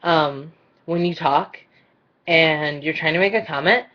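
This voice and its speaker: A woman vlogger ranting in a casual, blunt and exasperated way, her voice mostly monotone. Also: sits low, moderate pace. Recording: dull lo-fi recording.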